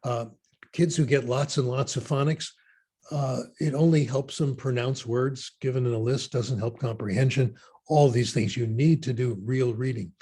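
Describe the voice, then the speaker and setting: A man giving a keynote talk and answering audience questions in an opinionated, animated way with wry asides. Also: medium pitch, normal speed, husky. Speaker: keynote speaker.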